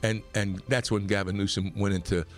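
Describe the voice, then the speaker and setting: A man from New York hosting a talk radio show, delivering a rambling, opinionated monologue that gets more animated as he goes. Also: a little fast, faint music behind. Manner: animated, rambling, pitch climbs when worked up.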